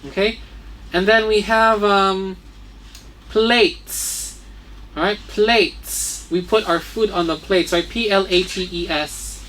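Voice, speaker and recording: A woman's voice: mid-range voice, steady tone, slow, a bit bright, slight background noise. A woman teaching young learners vocabulary, spelling each word letter by letter and checking in with "okay?" and "right?". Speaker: English teacher. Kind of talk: children's vocabulary lesson.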